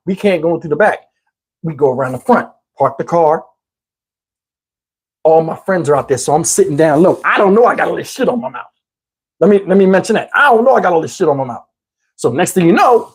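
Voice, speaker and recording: A middle-aged man from New Jersey telling a comic story in a casual, animated, profane way, talking to listeners as y'all. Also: sits high, a little fast, breathy edge.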